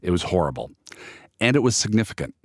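A man's voice: sits low, big pitch swings, quick pace, dry recording, studio quality. A man hosting a podcast, reading scripted narration and sponsor notes in an earnest, lightly playful way. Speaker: podcast host.

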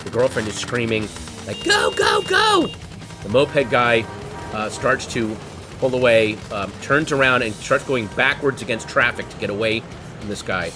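A man telling a comic story in an animated, wry way, building tension. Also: mid-range voice, normal speed. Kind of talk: comedic storytelling. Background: guitar music.

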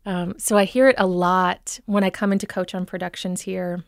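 A woman's voice: on the low side, flat delivery, moderate pace, gravelly, clean tone, no echo, studio quality. Minnesotan woman explaining accents. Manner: enthusiastic, explanatory, frequent ums. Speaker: dialect coach. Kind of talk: expert guest in radio talk.

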